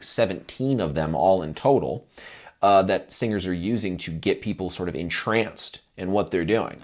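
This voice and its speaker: Guy teaching stage confidence, lowish voice but swings all over, jokey and animated. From Oklahoma, USA. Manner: animated, acts out crowd scenes, playful. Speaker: performance coach. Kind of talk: instructional talk to camera.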